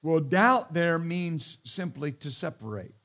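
A man preaches in a notably high voice, punching his points with hallelujahs and amens. He is a middle-aged pastor who slips into teasing asides before returning to the sermon. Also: sing-song, slow, a bit bright. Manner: emphatic, repeats hallelujah and amen, joking asides.

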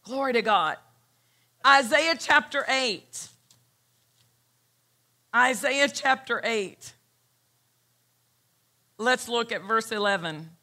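A woman pastor preaching a sermon, emphatic and repeating her key phrases as she reads scripture slowly. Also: on the high side, animated, bright, forceful tone. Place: church.

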